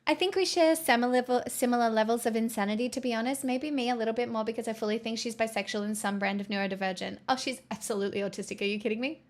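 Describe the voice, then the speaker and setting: A woman's voice: on the high side, very fast, few pauses. A woman from the southeastern US hosting a livestream, chatting casually and teasing her viewers as she reads the chat. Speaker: livestream host.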